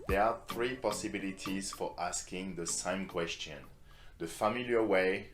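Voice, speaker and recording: A man teaching a beginner French lesson, patient and clear, modelling phrases for learners to repeat. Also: deep voice, a bit bright, reverberant.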